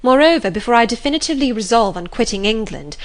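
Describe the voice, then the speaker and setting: A woman's voice: a little high, lively intonation, fast talker, natural voice. A woman reading the lines of an earnest, resolute young heroine, pleading yet firm. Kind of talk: audiobook reading.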